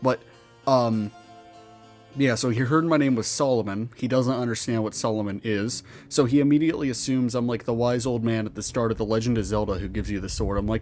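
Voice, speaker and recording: A man's voice: mid-range voice, brisk, a little mellow. A man telling a story in character as a weary, sardonic male monster with tails, talking in a profane, rambling and exasperated way. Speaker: roleplaying storyteller.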